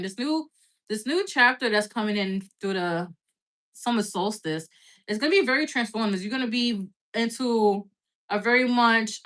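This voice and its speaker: Her voice sits on the high side with a fairly bright tone as she reads tarot on a casual live stream. She's got the hiccups, and she talks bluntly and chattily, swearing often and leaning on "like."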